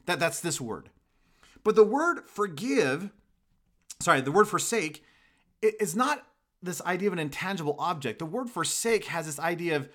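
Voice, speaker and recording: Animated man preaching a sermon. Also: a little high. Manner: animated, storytelling with emphatic repetition. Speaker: pastor.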